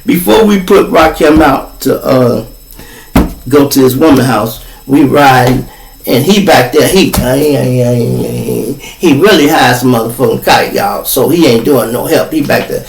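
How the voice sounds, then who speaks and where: A man with a Chicago accent, hosting a podcast and telling a story in a loose, profane, animated way, acting out the people in it. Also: medium pitch, measured pace, vocal fry, faint music behind. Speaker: podcast host. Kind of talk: casual storytelling. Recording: roomy, distant from the mic.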